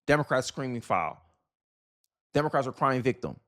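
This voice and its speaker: A man's voice: medium pitch, sing-song, moderate pace. A man from Florida hosting a political commentary video, ranting heatedly and emphatically in casual slang.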